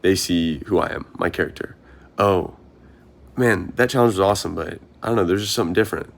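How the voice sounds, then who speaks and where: With a gravelly, low voice and a fairly quick delivery, a young marathon runner thinks out loud on his vlog. The monologue is sincere and meandering, full of questions he puts to himself.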